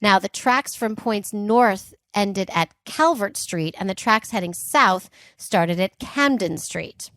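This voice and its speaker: A woman's voice: medium pitch, slow pace, few pauses, dry recording. Chatty woman podcast co-host, dry sound. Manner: chatty and animated, laughs often, asides with "like" and "um". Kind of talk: casual chat retelling history.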